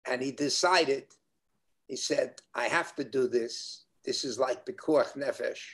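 A man's voice: mid-range voice, a little slow. Older man rabbi telling a story. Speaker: rabbi, interview guest. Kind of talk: interview answers, storytelling.

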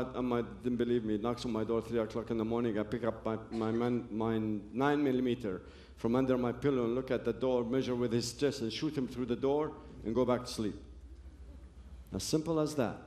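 A man gives a personal testimony to an audience, telling his story earnestly with broken phrases and restarts. His mid-range voice has a darkish tone, and the room is echoey.

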